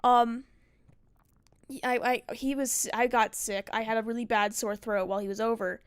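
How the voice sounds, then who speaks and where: A woman's voice: on the high side, steady tone, moderate pace, smooth, no room sound. A woman streamer telling a story in casual chat, rambling and profane, full of "like" fillers.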